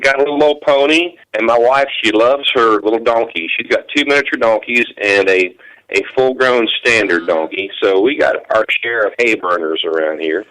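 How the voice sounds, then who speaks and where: A man's voice: medium pitch, normal speed, a bit bright, low-quality recording. A man, a country musician and guest, talking in an easygoing, folksy way. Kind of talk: casual interview chat.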